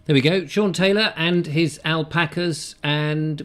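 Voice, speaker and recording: A man's voice: on the high side, fairly even intonation, a little slow, a bit bright. A man hosting a comic live chat show from a room in a house, telling stories in a rambling, jokey way with many fillers. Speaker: show host.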